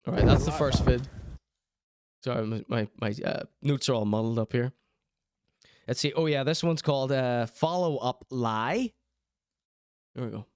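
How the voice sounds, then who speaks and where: A man's voice: mid-range voice, moderate pace, long pauses, a little mellow, smooth, dry recording, clean studio sound. A man hosting a show, talking casually and teasing, often breaking into laughter as he speaks. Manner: laughs mid-sentence, teasing. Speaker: host. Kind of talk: casual mocking commentary.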